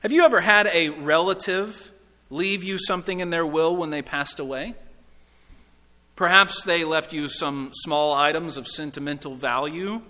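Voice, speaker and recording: Earnest male preacher with a bright voice. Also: a little high, moderate pace. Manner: earnest, questioning, emphatic. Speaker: pastor. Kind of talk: sermon. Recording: reverberant hall.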